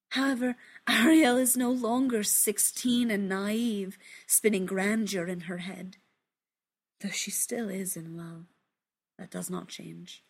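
A woman reading a literary story aloud in a hushed, measured, intimate way, often dropping into a whisper. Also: mid-range voice, slightly rough.

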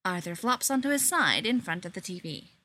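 A woman narrating a short story in an unhurried, expressive way. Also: mid-range voice, no echo.

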